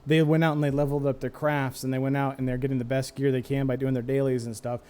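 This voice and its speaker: Speaking quickly in a smooth, slightly mellow mid-range voice with little pitch movement, a man in his thirties rambles candidly about old raid nights. He hosts a streamed gaming talk show and used to lead raids, and he's self-mocking and quick to laugh.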